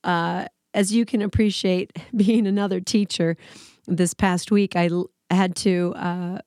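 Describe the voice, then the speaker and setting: A woman's voice: medium pitch, little pitch movement, a little slow, mellow, dry recording, studio quality. Scratchy-voiced woman podcast host. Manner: chatty, laughs between phrases. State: hoarse, recovering from laryngitis. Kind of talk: casual podcast talk.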